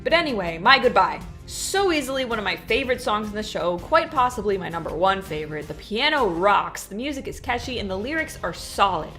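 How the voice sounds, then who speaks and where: A woman's voice: mid-range voice, big pitch swings, brisk, hardly any pauses, fairly bright tone, faint music behind. A woman hosting a video essay, delivering a scripted review in an opinionated, nitpicking and dryly humorous way.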